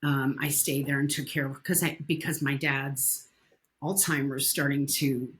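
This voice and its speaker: A woman with a notably low voice, chatting as a guest on a podcast. She tells personal stories in a frank, blunt way and drops casual swear words without hesitation. The talk is relaxed and conversational. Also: unhurried. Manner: candid, blunt storyteller who swears casually. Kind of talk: casual interview chat.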